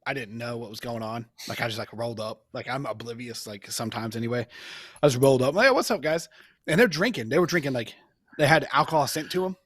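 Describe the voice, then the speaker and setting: A man's voice: mid-range voice, animated, quick pace, a bit bright, slightly rough, no echo, studio quality. A young man, a podcast co-host, telling rambling, profane stories in casual chat. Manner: rambling, swears, laughs while telling stories.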